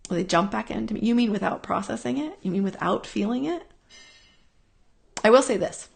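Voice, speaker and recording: A woman talks in an earnest, rambling way on a live stream, looping back over her points and repeating words. Her voice has a gravelly, fry-tinged edge at an ordinary pitch. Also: expressive, normal speed. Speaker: host answering viewer questions. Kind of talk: casual spiritual talk, live stream.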